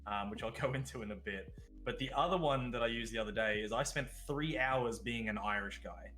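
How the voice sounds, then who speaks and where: A man's voice: medium pitch, a little fast, sharp tone. An Australian man chatting as a guest on a podcast, blunt and casual, swearing now and then and laughing between points.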